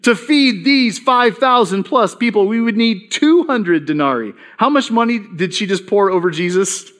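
A man's voice: high voice, animated, moderate pace, a bit bright. A man preaching a sermon in a conversational way, reading scripture aloud and acting out the voices in it. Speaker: pastor.

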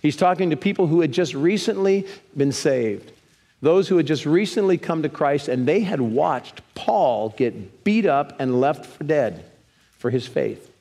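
A man preaching a sermon in a church, lively, leading the congregation in reading scripture aloud. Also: fairly high pitch, measured pace. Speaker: pastor. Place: church sanctuary. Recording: long reverb of a church hall.

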